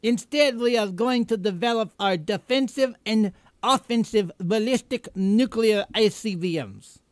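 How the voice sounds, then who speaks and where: A man voicing a mocking impression of a menacing male foreign spokesman with an exaggerated heavy accent, spoken slowly. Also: high-pitched, dry recording, clean studio sound, pitched above the performer's own voice. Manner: slow, mocking, exaggerated delivery.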